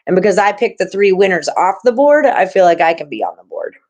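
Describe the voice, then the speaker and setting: A woman's voice: medium pitch, big pitch swings, a little fast, a little mellow, low-quality recording. A woman hosting a live sports-betting stream, chatting loosely with viewers and co-hosts. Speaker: sports betting show host. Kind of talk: casual live-stream chat.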